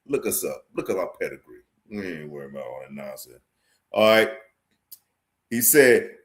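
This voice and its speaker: Forceful preaching man, repeating himself. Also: fairly low pitch, lively intonation, normal speed. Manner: forceful, preachy, repeats phrases, quotes scripture; addresses viewers directly, asks "you understand?". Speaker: street preacher teaching a class. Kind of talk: livestream sermon.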